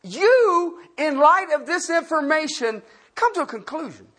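A pastor teaching a Bible-study sermon, asking the listeners questions and swinging from loud emphasis to quiet asides. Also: high voice, very animated, unhurried.

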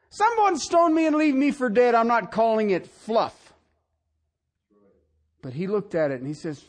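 A middle-aged male pastor preaching a sermon, swinging from soft asides to shouted emphasis. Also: high-pitched, big pitch swings, normal speed.

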